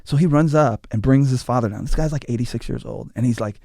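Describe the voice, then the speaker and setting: Animated man telling stories up close. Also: medium pitch, fast, vocal fry, no room sound. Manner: animated storyteller acting out quotes, stammering restarts. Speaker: guest, former tour manager. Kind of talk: casual storytelling.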